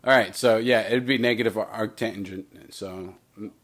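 A man with a somewhat low voice teaches a recorded math lesson. He poses questions to himself and answers them as he works. He drops in playful asides along the way. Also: fairly even intonation, normal speed, a bit bright. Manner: talks through steps with himself, playful asides.

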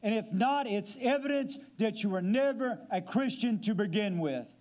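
A man with a high voice preaches a sermon in a church, emphatic and full of questions to the congregation. The recording is dull and lo-fi, as in a church recording. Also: lively intonation, moderate pace. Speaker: guest preacher. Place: church sanctuary.

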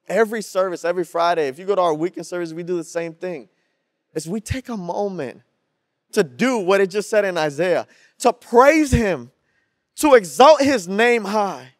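A young man preaching to a youth group in a slangy, energetic style with call-and-response. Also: sits high, normal speed, dry recording, clean studio sound. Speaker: youth pastor. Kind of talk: sermon.

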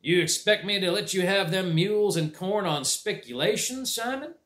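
A man voicing a gruff, grasping middle-aged farmer uncle who talks in a slow drawl. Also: high voice, animated, a bit bright, pitched above the performer's own voice. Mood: scheming. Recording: roomy echo.

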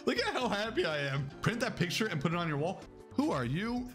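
A young man streaming a game live, joking loudly with chat and swearing a lot. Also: sits high, sing-song, moderate pace, soft background music.

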